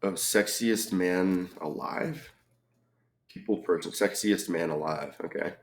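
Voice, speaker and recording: A man solving a crossword puzzle aloud, reading clues and thinking out loud with frequent ums and muttered asides. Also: deep voice, slow, a little hiss or hum. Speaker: crossword reviewer.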